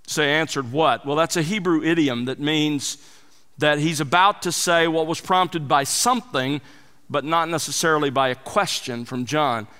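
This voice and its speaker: A man's voice: fairly high pitch, moderate pace, bright, forceful tone, clean tone, long reverb tail. A man preaching an expository sermon, teaching verse by verse with emphatic rises and drops for emphasis. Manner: emphatic, rising and falling for emphasis. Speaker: pastor.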